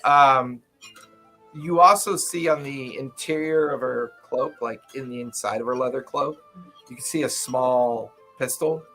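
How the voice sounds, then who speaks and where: A man's voice: mid-range voice, measured pace, a bit bright, soft background music. Man narrating a tabletop game. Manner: loose, filler-heavy narration. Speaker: game master.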